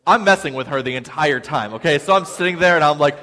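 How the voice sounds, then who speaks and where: A man preaching a sermon as a pastor, telling an animated, self-deprecating story with frequent "okay?" asides. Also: a little high, fast talker, few pauses. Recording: long hall reverb.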